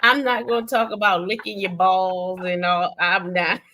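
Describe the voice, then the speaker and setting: A young woman with a Southern American accent hosting a casual gossip stream, animated and laughing often, swinging between loud and soft. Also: mid-range voice, normal speed, slight background noise. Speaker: stream host.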